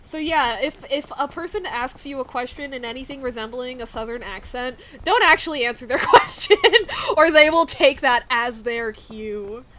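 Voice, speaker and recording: Chatty young woman streamer, rather high. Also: normal speed, hardly any pauses, fairly bright tone. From US South. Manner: rambling, filler-heavy, laughs often. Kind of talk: casual chat.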